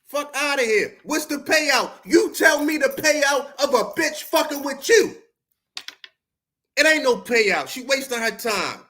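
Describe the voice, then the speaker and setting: Confrontational, high-voiced podcast host. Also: male voice, expressive, a little slow, pushed and bright. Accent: Baltimore. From Baltimore. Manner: confrontational, profane, preachy street talk. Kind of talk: heated livestream rant at chat.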